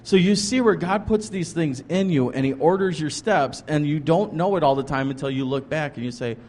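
Brisk and a little mellow, his voice sits on the high side. He's a pastor and ministry leader appearing as a guest, earnestly and casually rambling through his ministry story with lots of restarts and "like" fillers.

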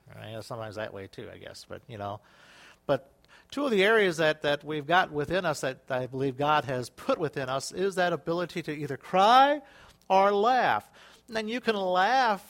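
A man's fairly high voice carries this sermon, a pastor in a church. He talks to the congregation in a loose, conversational way, then breaks into loud hallelujahs and acts out quoted voices. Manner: animated, with sudden exclaimed hallelujahs and acted-out quotes.

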